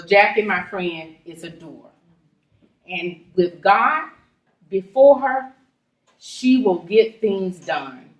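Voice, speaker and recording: Woman giving a churchy intro speech, measured, echoey room far from the mic. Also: medium pitch. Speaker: speaker introducing a candidate.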